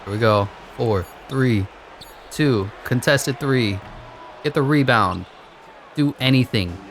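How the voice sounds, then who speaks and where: A man's voice: slow pace, a little hiss or hum. Sarcastic man narrating a basketball game. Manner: sarcastic, exasperated, yelps up high in outbursts. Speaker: gaming commentator. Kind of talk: live gameplay commentary.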